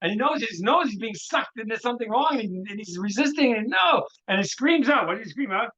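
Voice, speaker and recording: A man, a rabbi, teaching a Torah workshop through an animated story, often restarting phrases and dropping in Hebrew terms. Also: high voice, fast, dull audio.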